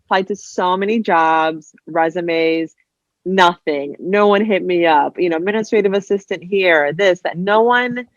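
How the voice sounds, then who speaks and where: A woman's voice: lowish voice, a little slow, no echo, highs cut off. Chatty woman from New Jersey. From New Jersey, USA. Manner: animated, acts out other people's voices in quotes; heavy use of "like" and "you know". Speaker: podcast guest, writer. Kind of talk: casual interview storytelling.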